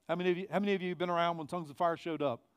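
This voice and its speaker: A middle-aged male pastor preaching a conversational sermon in church, growing loud on key phrases. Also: on the high side, fairly even intonation, rapid-fire, smooth, no echo. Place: church sanctuary.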